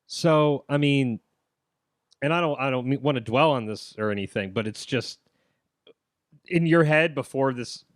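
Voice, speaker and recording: Male podcast host, halting questions, steady agreement, dry close mic. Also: mid-range voice, no room sound. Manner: halting, with frequent backchannel agreement. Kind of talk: casual interview.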